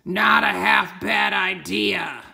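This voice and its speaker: A woman voicing a huge, hungry, grumpy male dragon in a storybook reading, roaring slowly and loudly. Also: medium pitch, steady tone, vocal fry, echoey room, full character voice. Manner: roaring, slow and loud.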